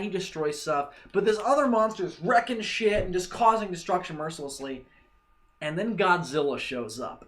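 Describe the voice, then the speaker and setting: Excitable young man geeking out. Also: sits high. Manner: excitable, profane, rambling with many fillers. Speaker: vlogger. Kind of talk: casual fan commentary.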